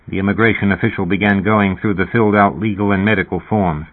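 Through thin, phone-like audio, a male audiobook narrator reads science fiction in an even, steady storytelling style. His pitch is fairly low, and he moves briskly with few pauses.

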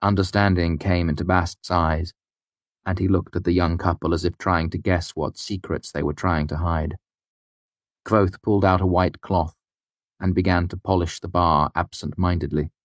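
A man narrating an audiobook in a measured, even storytelling voice. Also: low voice, dry recording. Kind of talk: scripted narration.

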